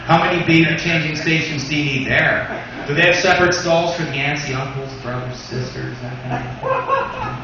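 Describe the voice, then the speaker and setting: A man's voice: on the high side, fairly quick, very echoey. Stand-up guy rambling with lots of "you know", far off mic, dull muffled sound, room noise. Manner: says "you know" a lot. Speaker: stand-up comedian. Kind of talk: stand-up routine. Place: small comedy club.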